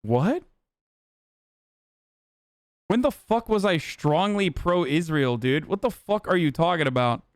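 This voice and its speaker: A man hosting a live stream talks casually and swears freely as he answers chat with sarcasm. His voice is smooth and resonant and sits a little high. The sound is close and dry, with no room echo. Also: animated, slow, pauses often. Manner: profane, blunt, reacting to chat with sarcasm. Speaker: livestream host.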